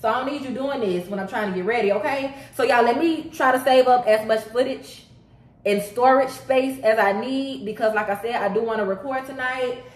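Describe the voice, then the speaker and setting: A woman vlogger chatting to camera at home, animated and talkative, calling her viewers y'all, girl and baby. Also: a little high, brisk. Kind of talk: casual get-ready-with-me chat to camera.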